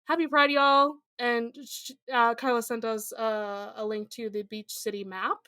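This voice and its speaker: A woman with a high-pitched voice co-hosts a casual podcast. She reads listener posts aloud in a playful, joking way. Her voice is recorded close and dry. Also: level tone, measured pace, bright, forceful tone, clean tone, dry recording. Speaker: podcast co-host.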